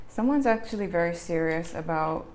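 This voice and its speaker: A woman's voice: lowish voice, expressive, moderate pace, darkish tone, a little hiss or hum. A woman giving a casual tarot reading, chatty and self-correcting, with frequent laughs. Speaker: tarot reader.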